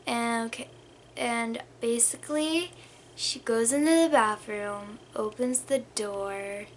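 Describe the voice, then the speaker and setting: This storytime vlog comes from a young woman whose slow, high-leaning voice rambles casually, full of "like" fillers and occasional whispers. A slight hiss or hum sits under the recording.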